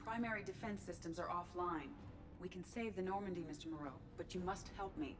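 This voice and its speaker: An actress voicing a calm, precise female shipboard AI in a video game, speaking in a measured, formal way. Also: lowish voice, over music, natural voice.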